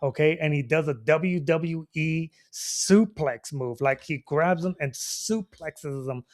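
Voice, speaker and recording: A man hosting and telling a bar story to an audience, animated and laughing often, with frequent "you know what I mean". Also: on the high side, takes it slowly. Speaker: storyteller host.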